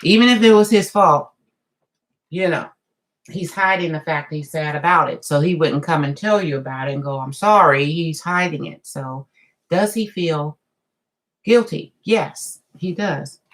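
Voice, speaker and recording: A woman giving a live tarot reading in a chatty, drawn-out way, full of asides. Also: low-pitched, low-quality recording. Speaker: tarot reader.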